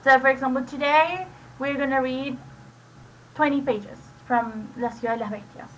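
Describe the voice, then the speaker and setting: Woman, native Spanish speaker, Spanish accent, slightly high voice; casual, rambling host on a voice-chat mic. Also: steady tone, moderate pace, a bit bright, a little hiss or hum, poor audio. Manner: rambling, with many "like" fillers and restarts. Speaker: reading session host. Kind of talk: casual screen-share explanation.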